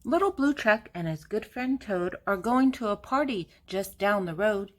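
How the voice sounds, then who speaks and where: A woman's voice: mid-range voice, animated, moderate pace. An older woman reading a children's picture book aloud, with a playful sing-song delivery and fun animal sounds.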